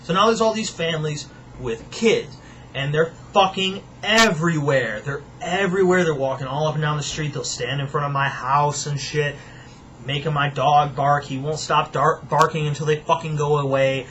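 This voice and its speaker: A man's voice: a little high, moderate pace, a bit bright, highs cut off, a little hiss or hum. A young man at home delivering an angry, profane, sarcastic rant to his viewers. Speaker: vlogger. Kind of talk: profane ranting monologue.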